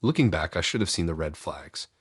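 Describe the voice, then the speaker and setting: A man with a very deep, husky voice reads a first-person horror story in a low, hushed, steady way. The sound is dry and close, with no room around it. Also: a little fast, no echo. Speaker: narrator.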